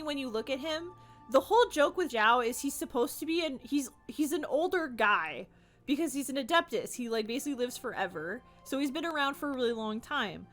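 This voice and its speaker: A young woman streamer giving casual, animated gaming commentary, ranting and giggling. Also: high-pitched.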